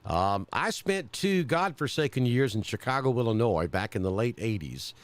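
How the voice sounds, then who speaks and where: A man's voice: medium pitch, very animated, normal speed, slight background noise. A man from central Alabama with a Southern accent, giving live storm coverage as a weather broadcaster and thinking aloud with many fillers.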